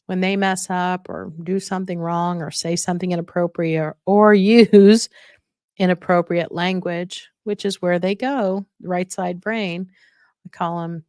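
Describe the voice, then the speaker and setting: A woman's voice: lowish voice, fairly even intonation, moderate pace, darkish tone, no room sound, studio quality. A woman hosting a casual advice podcast on dementia care, encouraging and often checking in with listeners.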